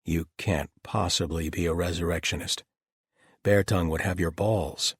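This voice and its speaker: A man voicing a calm, thoughtful male paladin who speaks quietly and with curiosity. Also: deep voice, moderate pace, slightly rough, dry recording, clean studio sound.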